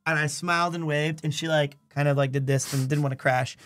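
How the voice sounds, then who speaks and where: High-voiced animated storytelling man. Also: brisk. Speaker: live stream host. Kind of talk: casual chat. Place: home in Japan.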